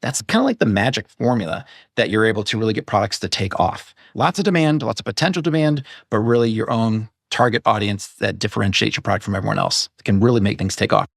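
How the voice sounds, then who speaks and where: A man's voice: on the low side, fast talker, creaky, few pauses, dry recording. Dry-sounding talkative man, podcast guest. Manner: talkative and digressive, with self-corrections. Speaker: podcast guest, e-commerce business owner. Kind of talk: casual interview chat.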